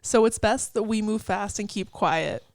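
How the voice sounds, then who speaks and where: A young woman in casual podcast chat, chatty and loose, leaning on "like" fillers and quick laughs. Her voice sits at a middle pitch and sounds close and dry, with no room around it. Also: a little mellow, no echo. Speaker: podcast co-host. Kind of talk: casual chat analyzing song lyrics.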